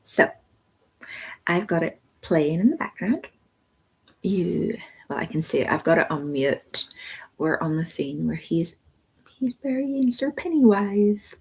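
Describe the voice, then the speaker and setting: Woman host, casual live-stream reviewer; low, slightly breathy voice, meandering and talkative. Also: lively intonation, slow, long pauses. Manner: rambling and chatty, thinking aloud with many ums.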